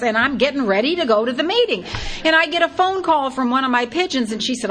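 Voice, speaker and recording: Older woman, lively storytelling testimony. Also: high-pitched, fast talker. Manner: lively, acts out her own past thoughts in quotes. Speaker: speaker sharing her recovery story.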